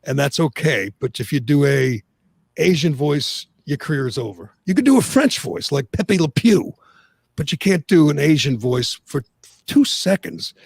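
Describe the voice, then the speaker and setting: A man's voice: fairly high pitch, moderate pace, gravelly, slightly rough, no room sound, studio quality. A man hosting an opinionated sports talk radio show, ranting with lots of restarts. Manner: animated ranting, frequent restarts.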